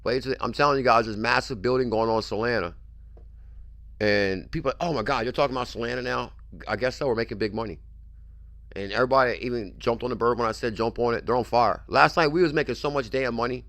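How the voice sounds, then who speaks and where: Man, livestream host, mid-pitch, hard-selling hype talk, dry close mic. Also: fast, a bit bright, no echo. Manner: pushy, repetitive hype, keeps saying "I'm telling you". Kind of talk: hyped casual livestream talk.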